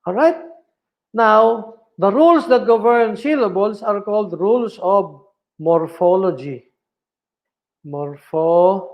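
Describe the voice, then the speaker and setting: A man's voice: sits high, animated, a little slow, muffled recording. A man with a Filipino accent giving a philosophy lecture, mixing English and Tagalog, asking the class questions, answering them himself and repeating key points.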